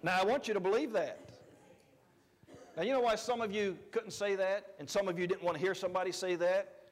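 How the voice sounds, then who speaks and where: A man preaching a sermon as pastor, conversational, swinging between loud emphatic lines and quiet asides. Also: sits high, a little fast, in a large hall. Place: church sanctuary.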